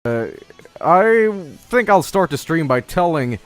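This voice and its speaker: A young man casually telling stories on a stream, halting and swearing, breaking into laughter. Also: fairly high pitch, very animated, soft background music. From Sweden.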